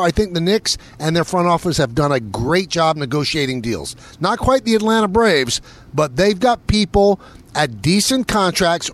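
A man co-hosting a sports talk show, arguing his point insistently in casual banter. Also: high voice. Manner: defensive, insistent.

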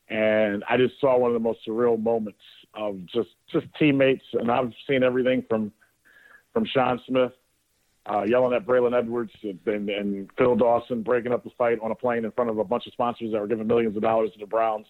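A man's voice: lowish voice, level tone, moderate pace. A male sports radio host telling a casual, rambling story on air, sometimes swearing and often restarting his sentences. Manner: rambling, profane, with frequent restarts. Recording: dry, narrowband phone-like audio.

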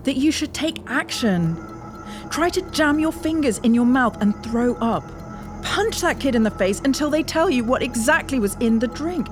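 A woman's voice: high-pitched, lively intonation, normal speed. A woman with a British accent, playing the lecturing inner voice of a man's primal brain in an audio drama. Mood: urgent. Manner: condescending, lecturing, sharp. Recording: voice over music bed.

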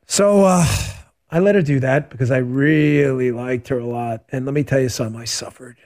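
A middle-aged man hosting a radio talk show, chatting casually and answering listener questions as an animated, joking storyteller. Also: mid-range voice, moderate pace. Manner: animated, joking storyteller who acts out quotes.

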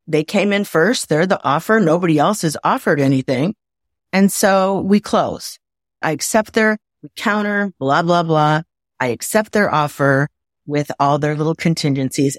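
A woman from the Midwest of the United States, a guest on a video call, telling lively anecdotes and acting out her own inner voice. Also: low voice, dry recording, studio quality. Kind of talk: conversational storytelling. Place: home, indoors.

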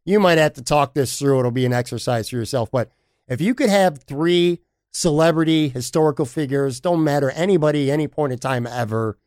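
A man's voice: fairly high pitch, fairly quick, a little mellow, dry recording. Upbeat male podcast host, dry sound. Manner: friendly, laughs along, lays out questions at length. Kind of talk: interview questions, casual.

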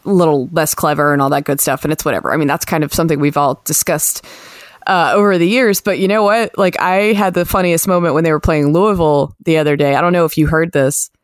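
A woman's voice: sits low, fairly even intonation, fast talker, dry recording. A woman hosting a sports podcast, chatting casually with many fillers and laughs. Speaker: podcast host, sports reporter.

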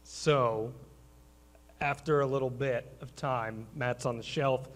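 A man hosting a live stage talk show, energetic and blunt, swearing casually. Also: mid-range voice, slow. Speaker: host.

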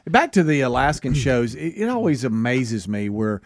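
A man co-hosting a radio show, telling a story in a relaxed, dry way. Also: medium pitch, moderate pace, no room sound. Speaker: radio co-host. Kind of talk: casual storytelling chat.

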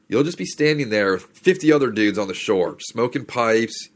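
A man's voice: lowish voice, a bit bright. A man hosting a podcast, telling a rambling story in a chatty, slangy, casual way. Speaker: podcast host.

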